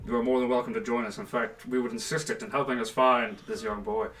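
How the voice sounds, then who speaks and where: A man voicing a grave, formal male centaur who leads a caravan, speaking in a measured, low way. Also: a bit bright, far from the mic, lightly acted, poor audio. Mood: earnest.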